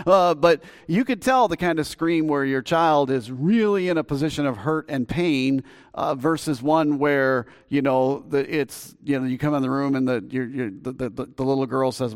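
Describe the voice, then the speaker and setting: A middle-aged man preaching a homey sermon to his congregation. His voice sits at a middle pitch, and he talks in a folksy, meandering way, often stumbling and restarting his words. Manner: folksy, halting with many restarts and fillers. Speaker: pastor.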